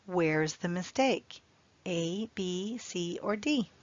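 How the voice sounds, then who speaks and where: A woman teaching an English grammar lesson, speaking clearly and repeating example phrases for learners. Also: fairly low pitch, animated, takes it slowly, muffled recording.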